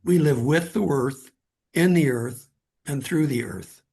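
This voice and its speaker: Middle-aged male guest, fairly high voice with a husky rasp, earnest and halting. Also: a little mellow. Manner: earnest, halting, repeats words when starting a thought. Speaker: guest author. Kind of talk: conversational storytelling.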